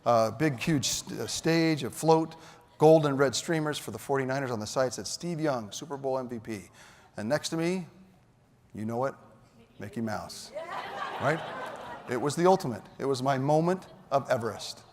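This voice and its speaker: A man giving a storytelling keynote speech at an awards dinner, animated and shouting his punchlines. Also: mid-range voice, normal speed, noisy background. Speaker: keynote speaker. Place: large hall. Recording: long hall reverb.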